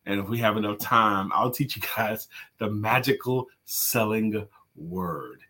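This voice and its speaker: A man co-hosts a relaxed morning talk show. His voice is bright and forceful, and he talks in a chatty, playful way, full of fillers and restarts. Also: on the low side, unhurried. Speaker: co-host.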